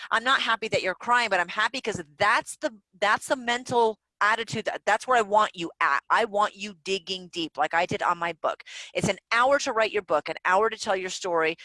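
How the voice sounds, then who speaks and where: A woman guest on a podcast, telling stories in a candid, animated way and swearing freely. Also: medium pitch, no echo, poor audio. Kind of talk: casual interview chat. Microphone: home recording setup.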